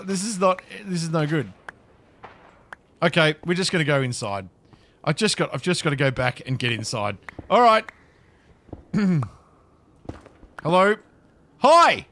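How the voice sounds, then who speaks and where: A man's voice: sits high, fairly bright tone, a little hiss or hum. Flustered man in gameplay chat. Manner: chatty, flustered, talks to game creatures. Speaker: gaming video creator. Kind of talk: casual gameplay commentary.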